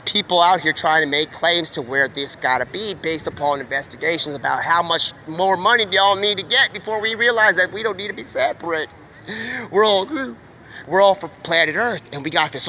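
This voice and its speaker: A man with a high, bright voice rambles on in casual slang, leaping from one idea to the next with excitable energy. He is outdoors, with faint street and vehicle noise behind him. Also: moderate pace. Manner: excitable, slangy, jumps between topics. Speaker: live streamer. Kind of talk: rambling stream-of-consciousness monologue.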